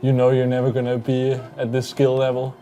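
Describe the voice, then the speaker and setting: A man's voice: mid-range voice, completely flat delivery, brisk, mellow. A man playing a racing game on a livestream, chatting casually and mocking himself with a laugh. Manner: joking, self-mocking, laughs often. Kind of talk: casual gaming banter.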